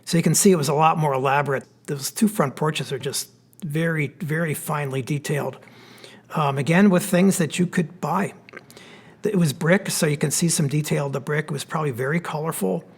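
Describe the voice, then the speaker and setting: A man with a Pennsylvania accent, an architect giving a relaxed, explanatory slide lecture with plenty of fillers. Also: fairly high pitch, fairly quick, vocal fry, breathy edge. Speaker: architect giving a history talk. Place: church hall.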